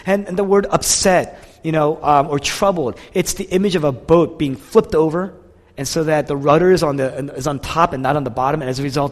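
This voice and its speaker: A man preaching a sermon, emotional and expressive, rising to intense passages and sinking to soft ones. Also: fairly high pitch, big-room sound. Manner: emotional, builds to impassioned intensity then drops soft. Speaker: pastor.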